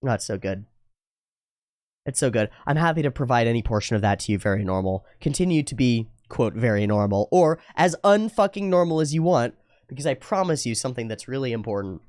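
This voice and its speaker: A young man talks through viewer comments in loose, unscripted commentary. His pitch leaps up and drops down constantly, and he swears with ease. The room sounds dead and dry. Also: fairly quick, no room sound. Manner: animated, swears freely, slips into mocking put-on voices. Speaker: anime reaction host.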